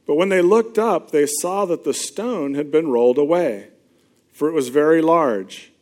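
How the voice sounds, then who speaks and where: A man's voice: fairly high pitch, moderate pace, darkish tone. A man preaching a sermon, retelling scripture in a conversational storytelling way with emphatic repetition. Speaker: pastor.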